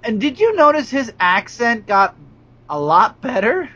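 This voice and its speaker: A young man from Brooklyn talks wrestling in a high, bright-edged voice, full of blunt opinions and teasing jabs. He rambles from point to point over a dull, lo-fi recording. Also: sing-song, a little slow. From Brooklyn, New York. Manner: opinionated, playful insults, rambling. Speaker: podcast co-host. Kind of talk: casual wrestling chat.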